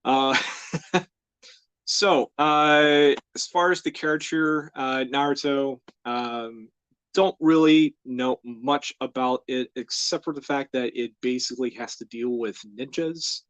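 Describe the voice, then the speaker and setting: An easygoing young man from the United States hosts his live art stream, rambling through casual chat with plenty of "uh"s and the odd chuckle. His voice sits at a middling pitch and is recorded close and dry, with no room sound at all. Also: steady tone, slow, smooth, dry recording. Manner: rambling and easygoing, with many fillers and soft laughs. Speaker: host of a live drawing stream.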